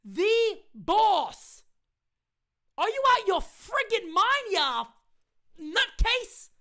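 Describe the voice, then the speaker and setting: A woman hosting a fan live stream, ranting in a fiery, profane way, often shouting and repeating lines for emphasis. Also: extremely high pitch, big pitch swings, takes it slowly. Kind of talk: heated live-stream rant.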